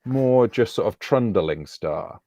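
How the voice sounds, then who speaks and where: Brief: male co-host, low voice, easygoing storyteller, very dry close-mic sound. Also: animated, slow pace, gravelly, warm tone, dry recording. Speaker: podcast co-host. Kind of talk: storytelling on a live podcast stream.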